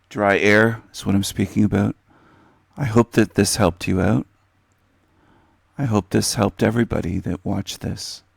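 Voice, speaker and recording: Deep-voiced male host, losing his voice a little, slow rambling chat, dry close sound. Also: vocal fry, a little mellow, husky, dry recording. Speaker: host of a livestream channel. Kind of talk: casual commentary to viewers. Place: indoor room.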